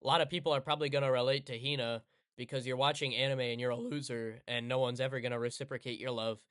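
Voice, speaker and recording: A man's voice: medium pitch, steady tone, fast talker, fairly bright tone, clear, resonant tone, no room sound, studio quality. A man casually rambling in sarcastic commentary over gameplay, often correcting himself. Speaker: streamer.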